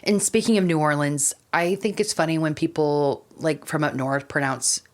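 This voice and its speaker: A Southern American woman with a notably deep voice chats on a casual podcast. She rambles in a friendly way, peppering her talk with "like" and ready laughter. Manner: chatty, lots of "like" and quick laughs. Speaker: podcast co-host. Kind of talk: casual chat.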